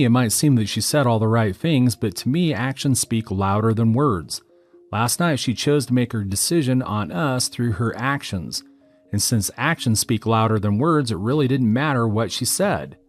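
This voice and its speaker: A man reading out a first-person story as a narrator, in a steady, matter-of-fact way. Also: mid-range voice, moderate pace, faint music behind.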